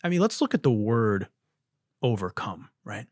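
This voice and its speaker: A man's voice: on the low side, normal speed, no echo, clean studio sound. Profane, riffing young male podcast host. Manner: profane, laughing, animated riffing. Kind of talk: casual comedic commentary on viral videos.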